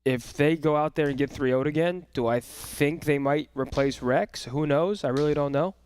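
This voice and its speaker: A man's voice: a little high, moderate pace, a little mellow, slight background noise. A man co-hosting a watch-party stream, musing in a laid-back, casual way with some swearing. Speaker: stream co-host.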